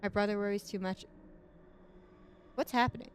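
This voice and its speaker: A woman's voice: mid-range voice, steady tone, normal speed, slight background noise. A woman streamer chatting casually over a game, her voice stuffy from congestion, rambling and talking to her chat. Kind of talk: casual gameplay commentary.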